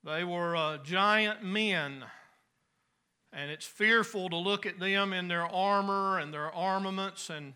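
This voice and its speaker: A pastor preaching a sermon in a folksy, conversational way with homespun asides. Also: male voice, high-pitched, takes it slowly, sharp tone, clear, resonant tone.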